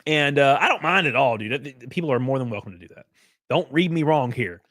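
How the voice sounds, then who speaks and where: A man's voice: medium pitch, brisk, no room sound, studio quality. A young man hosting a livestream, commenting casually, swearing freely, laughing often and thanking donors by name. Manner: animated, profane, laughs often. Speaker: livestream host.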